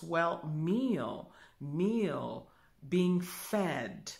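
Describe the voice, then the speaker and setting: A woman spiritual teacher giving a calm demonstration, musing aloud and humming softly as she thinks. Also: low-pitched. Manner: slow, musing, thinks aloud with soft hums.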